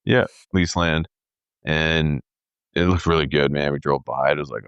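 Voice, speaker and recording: A man in his thirties telling a story in casual podcast chat, animated and peppered with "dude" and "like". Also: rumbling low, unhurried, smooth, no room sound, muffled recording. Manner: animated storyteller, says "dude" and "like", acts out quoted voices. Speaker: podcast co-host.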